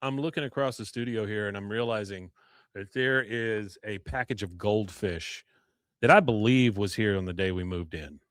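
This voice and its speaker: A man's voice: lowish voice, normal speed, a bit bright, no room sound. A man hosting a podcast in a studio, recapping an episode in casual chat and chuckling as he reads lines from the show. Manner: chuckles often, reads show quotes aloud. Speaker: podcast host.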